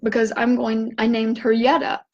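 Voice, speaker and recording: Teary woman telling a gentle story. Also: on the high side, monotone, highs cut off, soft background music. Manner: gentle, halting, drifts into teary pauses. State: teary, voice breaking. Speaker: vlogger sharing a personal story. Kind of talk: emotional personal storytelling.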